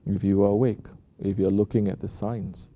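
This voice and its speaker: Gravelly, dark-voiced man preaching. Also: fairly low pitch, level tone, dull audio. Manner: unhurried, checks in with the listeners with repeated rhetorical questions. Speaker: sheikh giving a talk at a Sufi lodge. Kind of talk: sermon.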